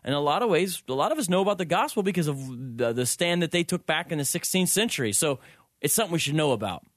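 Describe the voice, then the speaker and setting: Quick earnest man on talk radio. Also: on the high side, animated, no echo, clean studio sound. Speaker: guest co-host. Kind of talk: radio talk show discussion.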